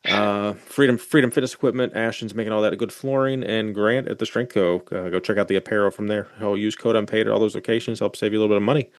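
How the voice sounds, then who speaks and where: A man's voice: fairly low pitch, fairly even intonation, fast, hardly any pauses, no room sound, studio quality. A man hosting a podcast, chatting casually with profane, joking asides and reading out sponsor plugs. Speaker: podcast host. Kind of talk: casual chat.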